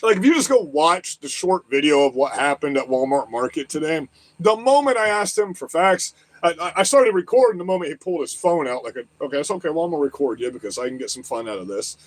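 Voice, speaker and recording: A man's voice: fairly high pitch, animated, fast talker. A man hosting a livestream, delivering an agitated political rant full of profanity and repeated questions. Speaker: livestream host. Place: lives in southwest Florida.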